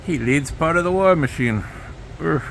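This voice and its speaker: A man's voice: on the high side, lively intonation, normal speed, slight background noise. A man rambling sardonically in a solo video monologue, jumping between mock quotes and asides. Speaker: video blogger.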